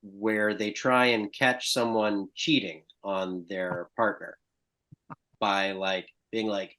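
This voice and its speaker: A man's voice: fairly low pitch, slow. A man guest on a podcast, telling stories in casual conversation and acting out the voices of people he quotes. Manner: animated storyteller, acts out quoted voices. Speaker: actor and stand-up guest.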